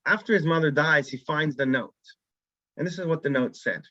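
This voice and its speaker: A man's voice: fairly high pitch, moderate pace, dry recording, dull audio. A man teaching a weekly Torah class as a rabbi, telling a story and acting out the characters' lines. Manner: animated storyteller who acts out characters' lines.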